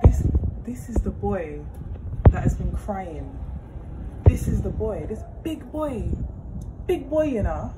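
A young woman vents in disbelief. She talks into a phone in a slangy, fired-up way. Steady hiss and clutter hang under her voice. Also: fairly high pitch, a little slow. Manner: exasperated, incredulous, slangy. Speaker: vlogger. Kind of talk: casual ranting vlog. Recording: noisy phone recording.

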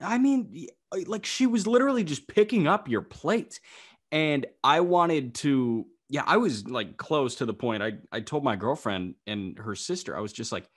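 A man co-hosting a podcast, telling an anecdote in a casual, animated and exasperated way. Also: fairly high pitch, normal speed. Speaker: podcast co-host. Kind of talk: casual chat.

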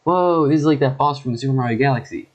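A young man giving casual, joking gameplay commentary with quick excited reactions and sarcastic asides. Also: medium pitch. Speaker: gaming YouTuber. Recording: faint background music.

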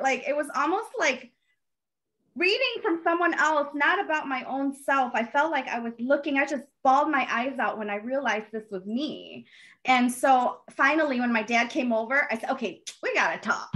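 A middle-aged woman, a panel guest, earnestly recounting her family history with animated retelling. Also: high-pitched, normal speed. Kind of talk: personal storytelling.

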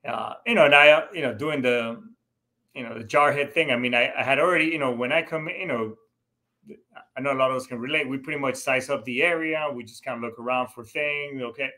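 A man's voice: mid-range voice, fairly quick, sharp tone. A middle-aged man and Marine veteran telling a personal story to his viewers in a casual, rambling way, full of "you know" fillers and restarts. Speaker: show host, Marine veteran.

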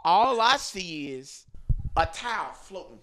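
High-voiced man telling a crude comic story. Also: slow pace, background noise. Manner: animated, laughing, crude slang-heavy storytelling. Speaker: podcast host.

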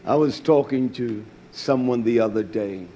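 A man preaching a fiery sermon, swinging from loud outbursts to low murmurs, with a husky voice. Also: a little slow, slight background noise.

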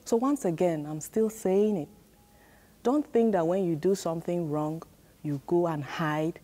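A woman's voice: fairly low pitch, a little slow, mellow. A woman teaching a children's church sermon, repeating key lines and prompting the children to answer and repeat after her. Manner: repetitive, emphatic, call-and-response prompts.

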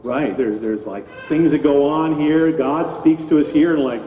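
A pastor delivers a lively children's sermon in a church sanctuary, questioning the children as he talks. He has a fairly high voice and a moderate pace, captured in an echoey hall with dull sound and slight background noise.

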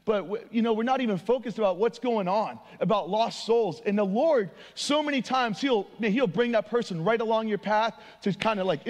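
A young man preaching an informal sermon in a church, casual and slangy, talking in quick conversational bursts. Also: high-pitched. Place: church sanctuary. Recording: long hall reverb.

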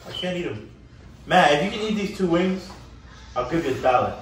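A man's voice: a little high, animated, a little fast. A young man bantering playfully with friends over a wings meal, often laughing. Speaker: vlogger eating on camera. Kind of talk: casual group chat while eating. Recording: echoey room from far off, clear noise.

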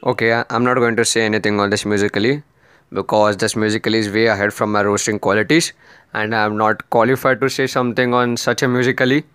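A man's voice: fairly low pitch, level tone, fast, a bit bright, clean tone, no echo, faint music behind. A man doing comedic roast commentary on video clips, sarcastic and rambling, often pleading in exasperation.

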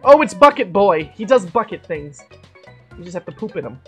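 A woman's voice: fairly low pitch, big pitch swings, normal speed, fairly bright tone, soft background music. A woman chatting casually while streaming a game, rambling and joking with plenty of swearing. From Canada. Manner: rambling, jokey, swears freely. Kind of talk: casual gaming stream chat.

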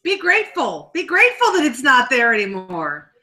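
A woman's voice: sits high, huge pitch swings, normal speed, pushed and bright. A woman co-hosting a casual talk show, joking and ranting with lots of profanity. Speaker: podcast co-host. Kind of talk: casual chat.

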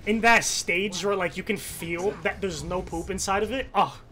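A young man streaming a competitive shooter, swearing, yelling quick callouts to teammates and reacting loudly to each fight. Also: sits high. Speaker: gaming streamer. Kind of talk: live gameplay commentary and team voice chat.

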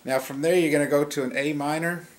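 A guitar teacher with a slightly high, steady voice talks fast as he gives a casual, step-by-step lesson. He explains chord shapes plainly and easygoingly while an acoustic guitar plays in the background.

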